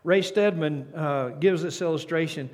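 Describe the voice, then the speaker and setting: An older man preaching a sermon as pastor, earnest, often restarting and repeating words, dropping to a soft, hushed tone at key points. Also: fairly high pitch, moderate pace. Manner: reads a story aloud and drops to a soft, hushed tone at key points.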